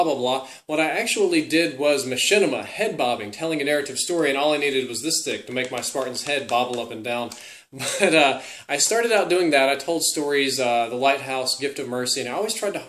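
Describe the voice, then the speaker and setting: Young male guest answering fan questions, casual and upbeat, mid-pitched voice, recorded on camera in a roomy home space. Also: fairly bright tone. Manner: upbeat, breaks off to coo at his dog. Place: room at home. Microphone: camera held by his wife. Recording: echoey room.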